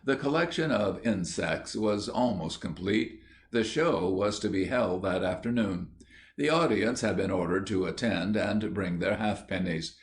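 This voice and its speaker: A man narrating an audiobook in a measured storytelling manner. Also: lowish voice. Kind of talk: scripted narration.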